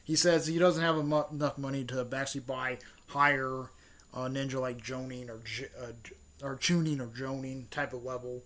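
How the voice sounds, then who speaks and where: A man's voice: mid-range voice, steady tone, normal speed, fairly bright tone. A man retelling a story in a casual, rambling way, full of fillers, restarts and offhand swearing. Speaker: fan channel host.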